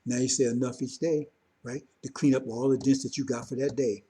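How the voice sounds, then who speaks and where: A man's voice: medium pitch, fairly even intonation, a little fast, warm tone, husky. A man preaching informally to his congregation, talking conversationally and repeatedly checking in with his listeners. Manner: conversational, repetitive, keeps checking in with "see?" and "you understand?". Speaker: religious teacher.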